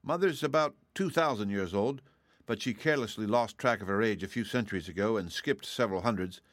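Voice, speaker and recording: A rasping, haughty young dragonette who drawls with formal politeness while admitting it would gladly eat you, as a man reads it in a storybook. The voice sits somewhat higher than his own low tone. It is recorded dry and close. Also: a little fast, dry recording, natural voice. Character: young dragonette, sixty-six, proud and polite, hungry. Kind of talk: audiobook reading.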